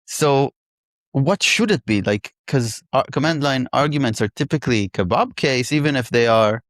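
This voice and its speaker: A man in casual technical chat, pairing on code and thinking aloud with halting restarts. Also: medium pitch, lively intonation, a bit bright, no room sound, studio quality.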